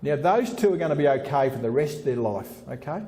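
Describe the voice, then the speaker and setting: A man's voice: fairly high pitch, animated, brisk, mellow. A middle-aged man giving a blunt, punchy motivational speech at a conference, repeating lines for effect and calling the crowd "folks". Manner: keeps calling the audience "folks". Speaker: organizational consultant giving a keynote. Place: large conference room with about 400 people. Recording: long hall reverb.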